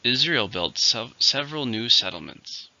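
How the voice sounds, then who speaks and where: A man teaches English vocabulary, explaining words with example sentences while hesitating, using fillers and making small restarts. His medium-pitched voice is gravelly and sharp, with lively intonation at a normal speed. It's a muffled lo-fi recording with no echo.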